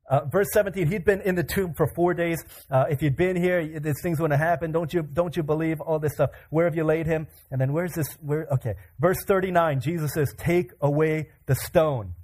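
A man preaching a sermon, animated, acting out the voices in the scripture with casual asides. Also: on the high side, fairly quick, few pauses.

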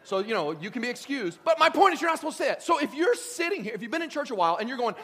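A man preaching a sermon as pastor, joking and animated, swinging from loud lines to hushed ones. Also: very high voice, very fast, hardly any pauses, husky.

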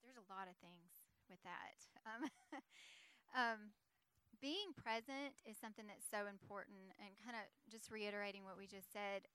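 A woman's voice: mid-range voice, moderate pace, sharp tone, clean tone. A middle-aged woman co-presenting a parenting seminar, speaking earnestly with frequent fillers. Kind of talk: conversational teaching.

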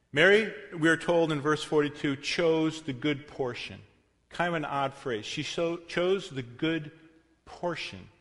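A man preaching a sermon, with a voice that sits a little high for a man. He presses his points hard and throws questions out to the congregation. His voice rings through a hall with a long reverb tail. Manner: emphatic preaching with rhetorical questions. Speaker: pastor.

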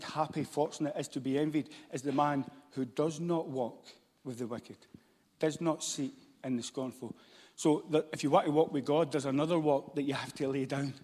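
A man with a Scottish accent preaching a sermon, moving between loud shouts and hushed, intense passages. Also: medium pitch. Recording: long hall reverb.

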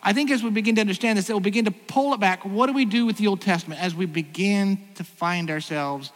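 A man preaching to his congregation with a high, light voice, asking questions and restarting sentences as he thinks aloud. His words ring out with a long reverb in a church sanctuary. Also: fast talker. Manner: conversational preaching, rhetorical questions, frequent restarts. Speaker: pastor. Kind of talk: sermon.

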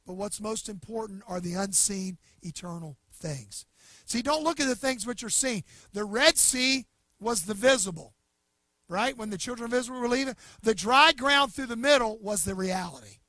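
A male pastor preaching in a very high, bright, ringing voice. He drives points home loudly, then drops to a hushed near-whisper for the solemn lines, in a dry, close sound. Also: animated, normal speed, no echo. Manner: emphatic preaching, swinging from loud to hushed. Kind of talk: sermon.

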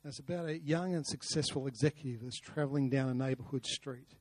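A man's voice: medium pitch, fast talker, no room sound. A man preaching a sermon, earnest, with rhetorical questions and repeated words. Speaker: pastor. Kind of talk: sermon with a told story.

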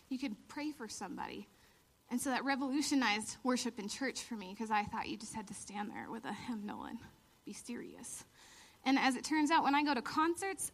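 A woman in her thirties giving a lively storytelling sermon, laughing often and acting out the lines she quotes. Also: high-pitched. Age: 30s. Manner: animated, laughing storyteller who acts out quotes. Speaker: church speaker.

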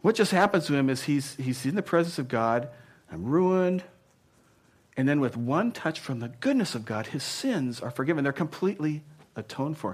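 A man preaching a sermon as pastor, speaking conversationally and punching key words loudly before dropping to a hush. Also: on the high side, breathy edge. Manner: emphatic, swinging between punchy loud lines and hushed asides; conversational, with frequent "you know".

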